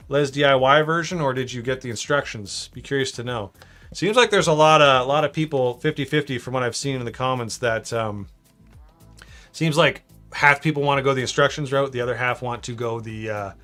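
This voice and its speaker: A man from southern Ontario, hosting a casual live stream at home, relaxed and rambling as he reads chat messages aloud between fillers. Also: mid-range voice. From Canada, southern Ontario. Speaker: live-stream host, LEGO builder.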